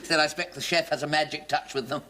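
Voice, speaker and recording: A man's voice: on the high side, steady tone, fast, heavy background noise, close to an everyday voice. An actor playing a polite, genteel and slightly fussy man dining out. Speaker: comedy sketch actor. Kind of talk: scripted sketch comedy. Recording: TV recording, studio audience laughter.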